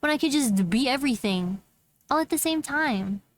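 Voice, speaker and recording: A woman's voice: high-pitched, lively intonation, normal speed. A woman streamer chatting casually on a live stream, playful and giggly, with mock-dramatic complaints.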